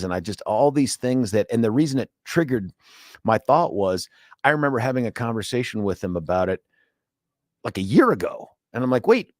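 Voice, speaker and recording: A man's voice: fairly low pitch, dry recording. A man in his fifties hosting a talk radio show, telling rambling stories with lots of restarts in a studio. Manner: lively storyteller, rambling with restarts. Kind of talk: casual talk radio chat. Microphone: studio microphone.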